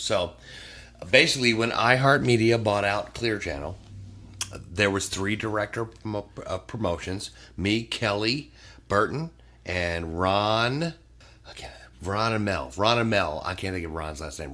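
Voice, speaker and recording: Bright-voiced man telling animated stories. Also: fairly low pitch, normal speed. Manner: animated storyteller, acts out quoted voices, swears freely. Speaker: podcast guest. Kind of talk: casual storytelling chat.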